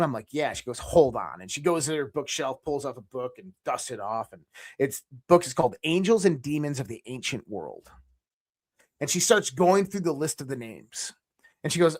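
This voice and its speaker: A man's voice: on the high side, normal speed. A man guest telling a long personal story in casual conversation, acting out the dialogue and swearing freely. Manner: animated, acts out quoted dialogue, swears freely.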